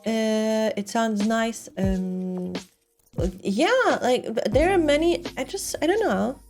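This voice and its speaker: A woman's voice: fairly high pitch, lively intonation, slow pace, music in the background. A young woman streamer with a non-native English accent, chatting casually and laughing often while she builds a model kit. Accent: non-native English speaker.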